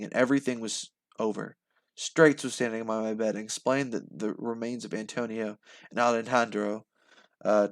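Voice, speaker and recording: A man reading a novel aloud live for the first time, expressive, with slips and restarts. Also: fairly low pitch. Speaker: channel host reading aloud.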